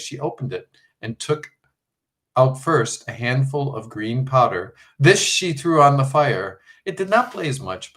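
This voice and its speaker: Man reading a children's fantasy aloud, mid-pitched, measured. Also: a bit bright, low-quality recording. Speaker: audiobook reader. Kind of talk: storybook narration.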